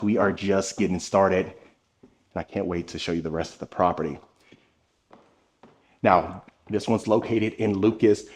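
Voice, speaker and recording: A home tour vlogger with a fairly low, darkish voice walks through a large furnished house with a handheld camera. His narration is enthusiastic and aimed straight at his viewers.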